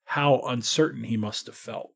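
A man, a priest, talking through a scripture scene in relaxed conversation, imagining it aloud with many restarts. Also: medium pitch, normal speed, creaky. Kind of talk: conversational faith podcast.

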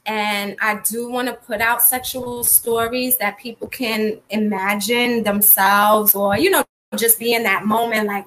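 Female co-host, high and bright voice, candid and chatty. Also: steady tone, measured pace. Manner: frank, chatty, reads viewer comments aloud. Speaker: podcast co-host and blogger. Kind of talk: candid casual chat.

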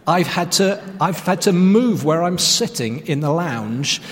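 A man's voice: on the high side, expressive, a little slow, in a large hall. A man preaching a sermon as pastor, telling stories in a conversational, self-deprecating way.

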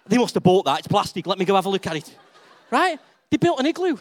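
A man's voice: high voice, big pitch swings, quick pace. A middle-aged man preaching a sermon as a pastor, telling a story and acting out voices.

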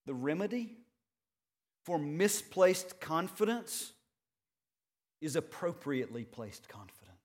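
A man preaching a sermon, earnest and measured, building points with rhetorical questions and repeated phrases. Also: fairly high pitch, very animated. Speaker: pastor.

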